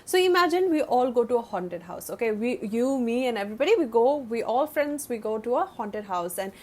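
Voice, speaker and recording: A woman's voice: fairly high pitch, animated, fairly quick, a little mellow. A woman with an Indian English accent teaching a literature lesson in a chatty, repetitive way with many fillers. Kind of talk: explaining a lesson.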